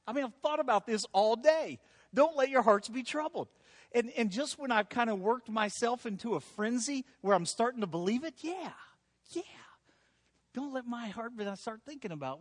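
Pastor, male, higher voice, chatty sermon with wry jokes, church hall, a bit off mic. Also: animated, moderate pace. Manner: conversational, self-deprecating humor.

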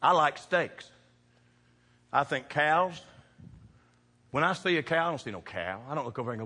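A man preaching a sermon, folksy and conversational, swinging from quiet asides to shouted points. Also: a little high, very animated, normal speed, pauses often. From American farm country. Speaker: pastor. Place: church sanctuary. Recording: reverberant hall.

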